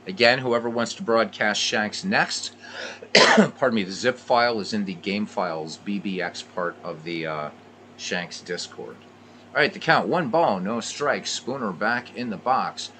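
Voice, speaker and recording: A man calling pitch-by-pitch baseball play-by-play, rising excitedly on big plays and dropping in dry asides. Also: unhurried, a little hiss or hum. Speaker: play-by-play broadcaster of a simulated baseball game.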